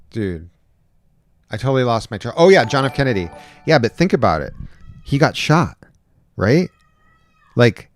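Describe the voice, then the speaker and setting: Speaking close to a desk microphone in a room at home, a man who drives for a rideshare service hosts a livestream, rambling casually and reading chat comments aloud. His mid-range voice has a darkish tone, with no room sound.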